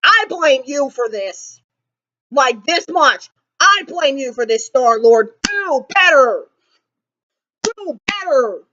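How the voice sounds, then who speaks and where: High-pitched, exasperated young woman vlogger. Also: slight background noise. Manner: animated, exasperated, dramatic pauses. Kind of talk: casual movie reaction rant. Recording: slightly dull lo-fi sound.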